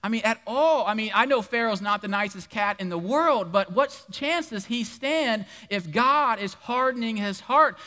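A man's voice: sits high, lively intonation, moderate pace, few pauses, bright, forceful tone, long reverb tail. A man preaching a sermon, telling a Bible story with humor and playful asides to the congregation.

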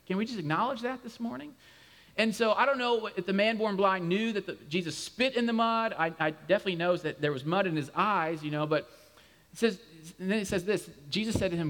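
A male pastor preaching in a chatty, animated way, dropping funny asides as he retells the story. His voice sits high for a man, and a large hall's long reverb follows each phrase. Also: moderate pace. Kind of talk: conversational sermon.

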